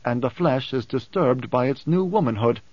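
A man voicing a calm, cryptic male advisor who lectures in a measured, composed way, in an audiobook. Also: medium pitch, slightly rough, no room sound. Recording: dull dry close recording.

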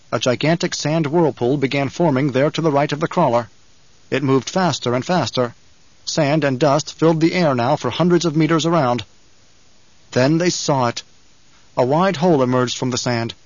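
A man reading a story aloud as audiobook narrator, with measured, even delivery. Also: medium pitch, no echo, muffled recording. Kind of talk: scripted narration.

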